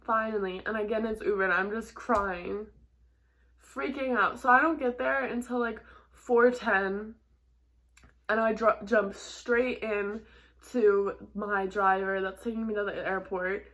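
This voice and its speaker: A young woman talks straight to her camera in a casual, chatty vlog voice that sits a little on the high side. She retells her story in an animated way, with lots of "like" and quick laughs. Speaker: model and vlogger.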